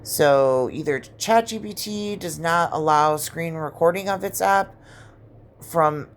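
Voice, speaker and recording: A woman with a low-pitched voice tells a story to her viewers in a loose, unscripted way. She talks bluntly and swears often, and she acts out what each person in her story said. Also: takes it slowly, slight background noise. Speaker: vlogger. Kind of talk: casual storytelling vlog.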